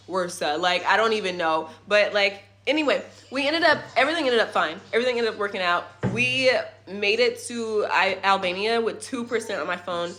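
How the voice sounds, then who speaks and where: A young woman telling a rambling, animated story about her family's trip in a casual vlog at home, with swearing and side remarks. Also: mid-range voice, moderate pace, few pauses. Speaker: family vlogger. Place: at home in a rental apartment.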